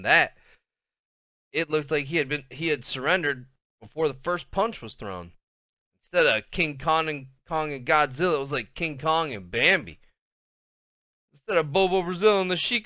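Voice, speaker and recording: A man reading a novel aloud as storybook narration, in a lively, expressive way. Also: fairly high pitch, normal speed, no echo, clean studio sound. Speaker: audiobook reader.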